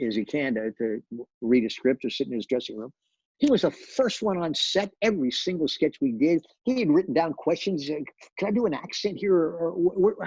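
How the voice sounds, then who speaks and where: Gravelly older man telling stories. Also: medium pitch, a little mellow, dry recording, lo-fi sound. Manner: anecdotal, many restarts and repeated words. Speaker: television director, guest. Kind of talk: storytelling interview.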